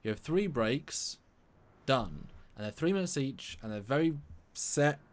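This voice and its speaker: A man from England co-hosting a live stream discussion, talking in an animated, rambling way with many restarts. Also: medium pitch, unhurried. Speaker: co-host.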